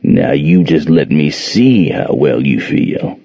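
A gruff, domineering grown man, as a male storybook narrator puts him on, growling in a low, dark register with a coarse, commanding edge. The voice stays close and dry, in a slightly dull lo-fi recording. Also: lively intonation, slow, no room sound, exaggerated voice. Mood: menacing.

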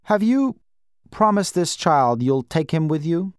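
A man's voice: on the high side, very animated, a little slow, clean tone, dry recording, studio quality, voice pushed up. A man doing a curt cold embassy official. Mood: guarded. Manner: cold, clipped, bureaucratic. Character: curt male embassy official, middle-aged.

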